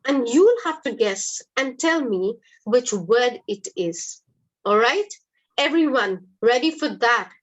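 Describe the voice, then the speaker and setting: A woman's voice: fairly high pitch, expressive, takes it slowly, muffled recording. A woman teaching in a live online webinar, upbeat and encouraging, quizzing her audience. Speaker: English teacher hosting a webinar.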